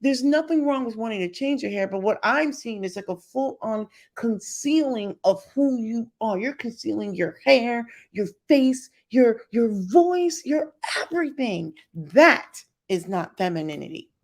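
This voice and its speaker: A woman's voice: fairly high pitch, lively intonation, measured pace, few pauses, a little mellow. A middle-aged woman vlogger giving blunt, emphatic opinion commentary straight to her viewers.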